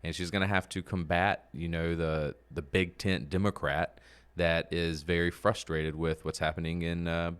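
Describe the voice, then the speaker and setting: A man's voice: deep voice, normal speed, clear, resonant tone. A man from North Carolina co-hosting a casual political podcast, making his points steadily and checking in with "right?". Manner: steady, builds points with "right?" and "you know". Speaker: podcast co-host.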